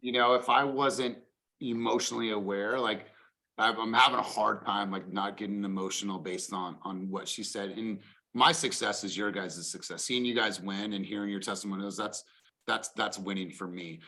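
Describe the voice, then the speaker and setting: A man's voice: lowish voice, fairly even intonation, normal speed, creaky, pushed and bright. A man real estate coach giving a motivational talk on a call, emphatic, acting out a homeowner's reactions.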